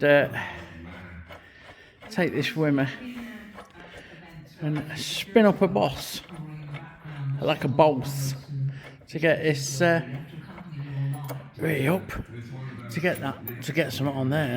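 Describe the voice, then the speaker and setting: A man's voice: mid-range voice, steady tone, measured pace, long pauses, a crowd in the background. A middle-aged man, giving a muttered, swearing running commentary as he works in a cold workshop. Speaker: custom motorcycle builder.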